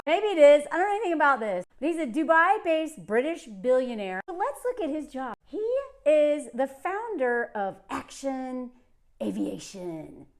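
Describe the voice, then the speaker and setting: High-voiced sarcastic woman ranting. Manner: sarcastic, outraged, animated. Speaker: commentary vlogger. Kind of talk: ranting commentary.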